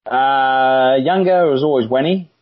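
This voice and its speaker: An Australian man, a former rugby league player, telling stories in a relaxed, rambling interview with plenty of fillers. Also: mid-range voice, a little slow. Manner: laid-back, rambling with many "uh" fillers. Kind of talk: casual storytelling interview. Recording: dull lo-fi audio.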